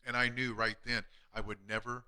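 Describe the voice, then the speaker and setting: A man, a chiropractor, telling emotional patient stories on a live stream, earnest and often dropping to a hushed voice. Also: mid-range voice, little pitch movement, brisk, smooth. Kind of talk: heartfelt storytelling on a live stream.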